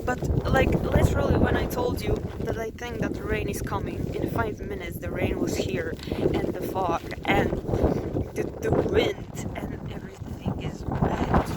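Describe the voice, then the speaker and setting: A woman's voice: medium pitch, fairly even intonation, a little slow. A young woman from Croatia vlogging outdoors on a hilltop, chatting emotionally to her camera and laughing through tears. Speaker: travel vlogger. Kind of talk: casual vlog talk to camera. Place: outdoors on a windy island hilltop. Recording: loud wind and outdoor noise.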